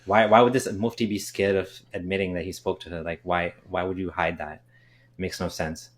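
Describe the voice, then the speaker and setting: A man's voice: low-pitched, little pitch movement, a little fast. A man co-hosting a casual live stream, making emphatic points with fillers like "like" and "right".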